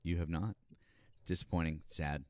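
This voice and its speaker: A man's voice: extremely low pitch, fairly even intonation, moderate pace, darkish tone. A man hosting a casual political live stream, talking in a sarcastic, exasperated way. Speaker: host.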